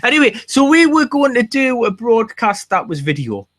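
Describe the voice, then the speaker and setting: A man's voice: extremely high pitch, big pitch swings, normal speed, a bit bright, dry recording. A man hosting a casual, rambling, jokey chat. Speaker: podcast host.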